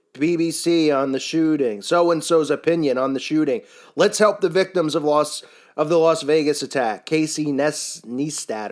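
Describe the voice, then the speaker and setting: A man delivering a scornful, sarcastic commentary rant, full of rhetorical questions. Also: on the high side. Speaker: commentary channel host. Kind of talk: ranting monologue commentary.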